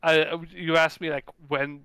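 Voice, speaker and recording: A man's voice: fairly high pitch, flat delivery, a little slow, bright, forceful tone, clear, resonant tone, no room sound. A man who is losing his voice, speaking hesitantly with many restarts in a casual group chat.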